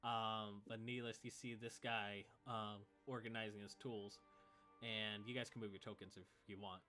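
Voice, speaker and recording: Guy dm-ing a tabletop game, bright tense voice, lots of likes and ums. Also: on the low side, level tone, normal speed, faint music behind. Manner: casual, filler-heavy scene setting. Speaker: game master.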